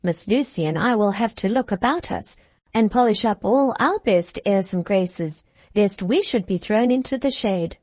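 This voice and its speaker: A woman's voice: medium pitch, animated, moderate pace, darkish tone, no room sound, natural voice. A woman reading the lines of a genial older father who teases his daughter fondly, in an indulgent manner. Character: fond, genial older Scots father, gently teasing.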